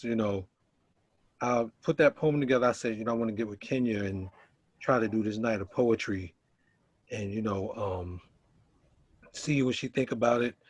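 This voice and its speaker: A man reciting a spoken word poem in a slow, rhythmic, emphatic way. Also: mid-range voice, no echo. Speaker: poet. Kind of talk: spoken word poetry reading.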